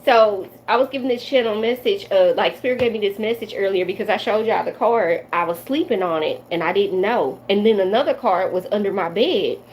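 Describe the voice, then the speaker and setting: A woman's voice: medium pitch, fairly quick, hardly any pauses, darkish tone, a little hiss or hum, poor audio. A woman in her forties from the Midwestern United States, a tarot reader chatting loosely and directly to viewers on a live stream. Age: 40s. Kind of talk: casual live-stream chat.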